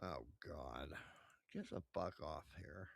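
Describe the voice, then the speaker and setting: A man's voice: extremely low pitch, takes it slowly, vocal fry, no echo, studio quality. A man streaming live, chatting casually with profane, rambling asides at his desk microphone.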